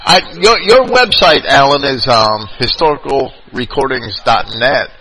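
A man with a New York accent hosting a call-in radio show, talking in a halting way and often repeating his words. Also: medium pitch, animated, a crowd in the background, poor audio. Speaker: radio host.

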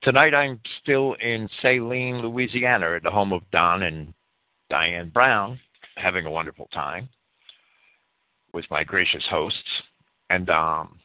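Speaking low and unhurriedly with long pauses, this man earnestly reads definitions aloud on a live talk-radio show broadcast from a private home and expands on each one. The tinny phone-line sound carries no room echo.

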